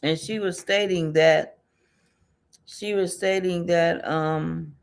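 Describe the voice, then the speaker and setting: Slowly and in a steady, lowish voice, a woman offers an informal tarot and numerology reading. She rambles, repeats things, laughs a lot and mutters to herself as she goes.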